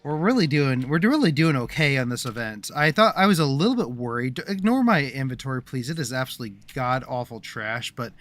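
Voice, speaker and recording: Casual game streamer, male, mid-range pitch, chatty, rambling delivery with frequent restarts. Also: lively intonation, brisk, few pauses, a bit bright. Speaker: livestreamer. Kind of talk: casual gameplay commentary.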